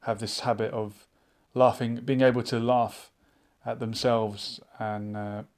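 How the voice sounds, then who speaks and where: Man, live-stream chat host, casual, musing, reads chat comments aloud, mid pitch. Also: little pitch movement, measured pace, a little mellow.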